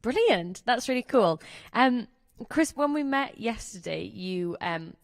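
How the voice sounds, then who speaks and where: A woman's voice: a little high, expressive, measured pace, vocal fry. A woman from Newcastle with a Geordie accent, hosting a casual festival interview in an upbeat, encouraging way. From Newcastle, England. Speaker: festival show host.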